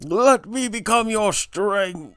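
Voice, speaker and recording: A man voicing a scheming, grandiose male puppet salesman with pushy, excitable patter. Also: high voice, slow pace, clean tone, no room sound, faint music behind, pitched above the performer's own voice, full character voice. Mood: solemn.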